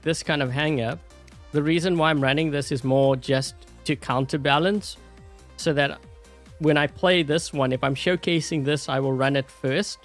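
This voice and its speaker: A man's voice: on the high side, creaky. A man with a South African accent giving rambling, casual gameplay commentary, full of fillers and laughing often. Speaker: gameplay YouTuber.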